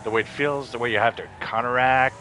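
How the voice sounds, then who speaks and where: A man speaks fast in a medium-pitched, steady, sharp voice while streaming a racing game, with a little hiss or hum in the audio. He's laid-back and rambling, swears freely, and gets emotional when thanked.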